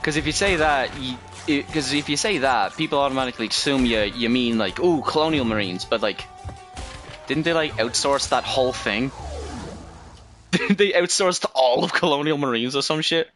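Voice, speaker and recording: A man's voice: medium pitch, moderate pace, a bit bright, soft background music. A man streaming a game, rambling through casual commentary with frequent swearing and self-corrections.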